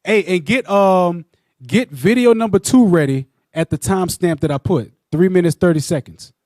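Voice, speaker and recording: High-pitched guy teaching a bible class, animated, keeps repeating himself, dry close mic. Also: normal speed, no room sound. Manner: animated, repetitive, often asks "you know what I'm saying". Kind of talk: religious teaching discussion.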